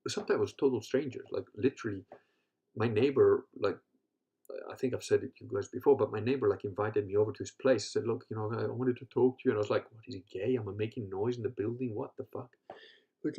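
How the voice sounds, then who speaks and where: Quick-paced and mellow, this man's fairly low voice carries a podcast host's storytelling chat. His tales wander, are laced with profanity and laughter, and include him performing what others said.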